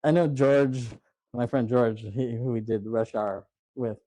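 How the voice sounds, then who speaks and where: A man hosting a casual movie podcast, retelling scenes with quick voice impressions and laughing often. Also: mid-range voice, fairly even intonation, mellow, no echo, rough recording. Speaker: podcast host.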